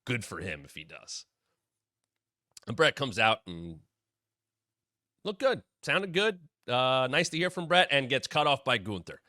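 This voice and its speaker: A man's voice: mid-range voice, big pitch swings, measured pace, long pauses, sharp tone, dry recording, clean studio sound. A man hosting a wrestling podcast, talking in a blunt, opinionated way with casual swearing. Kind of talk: opinionated commentary.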